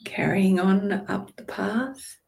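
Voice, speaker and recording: A woman leading a guided visualization in a drifting, playful way, moving between calm imagery and casual swearing. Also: mid-range voice, takes it slowly, gravelly. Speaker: meditation guide.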